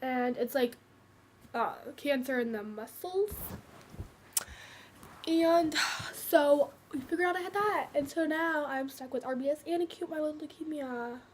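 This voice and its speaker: Casting note: teenage girl with a high voice, halting personal vlog talk. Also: a little hiss or hum. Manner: hesitant, many fillers and restarts. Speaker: vlogger sharing her cancer story. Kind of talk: casual personal storytelling.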